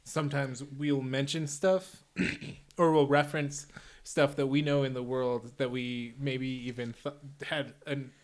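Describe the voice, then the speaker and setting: A man co-hosting a podcast in casual chat, jokey and quick to laugh. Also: medium pitch, fairly even intonation. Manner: jokey, laughs between remarks. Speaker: podcast co-host.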